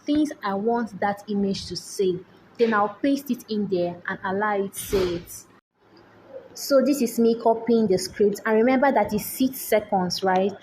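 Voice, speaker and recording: A woman's voice: mid-range voice, a little mellow, a little hiss or hum, low-quality recording. Woman talking through a tutorial. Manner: checks in with rhetorical questions. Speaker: tutorial host. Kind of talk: screen-recorded software tutorial. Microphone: voice-over on screen recording.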